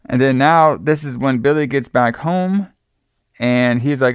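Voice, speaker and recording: A man's voice: mid-range voice, measured pace, clear, resonant tone, no echo, studio quality. A man casually recapping a movie plot, rambling with many fillers and restarts.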